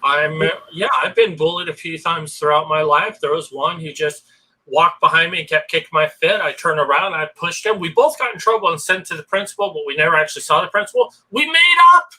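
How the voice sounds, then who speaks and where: A man's voice: fairly high pitch, fairly quick, sharp tone, low-quality recording. A man casually telling personal stories in an earnest, rambling way. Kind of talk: casual storytelling.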